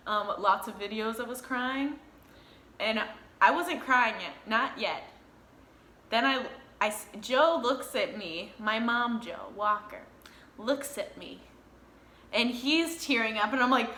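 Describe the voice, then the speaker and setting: A young woman vlogger telling a story to camera in a casual, animated way, acting out her own reactions and swearing freely. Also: fairly high pitch, a little slow, roomy sound.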